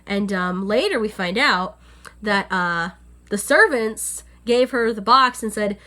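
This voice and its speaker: A woman's voice: medium pitch, animated, slow, pushed and bright. A young woman casually recapping an anime episode on camera, chatty and full of fillers. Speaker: anime reviewer. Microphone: on-camera setup.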